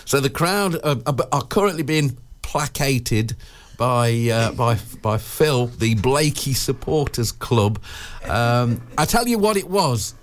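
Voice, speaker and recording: A man's voice: medium pitch, animated, takes it slowly. A man presenting a radio show in casual chat, rambling and joking with studio colleagues. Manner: rambling, jokey, self-interrupting.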